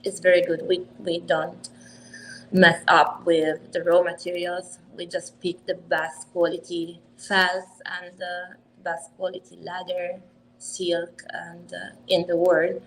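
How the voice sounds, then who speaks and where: Young Italian-accented woman, lowish voice. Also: level tone, takes it slowly, a little hiss or hum, rough recording. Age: 20s. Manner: earnest, laughs easily, slight non-native phrasing. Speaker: hat company owner. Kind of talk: casual interview chat.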